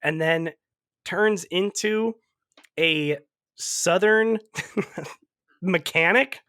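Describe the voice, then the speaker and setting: A man's voice: sits high, extremely slow, bright, forceful tone, smooth, no room sound, studio quality. A young man co-hosting a podcast, retelling movie scenes in casual chat, laughing often and swearing. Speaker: podcast co-host recapping a movie.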